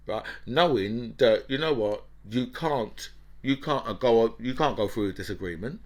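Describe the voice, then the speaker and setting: A man's voice: mid-range voice, moderate pace. A man, hosting an opinionated commentary monologue in a heated, ranting way, often checking in with "right?" and "you know". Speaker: political commentator and host.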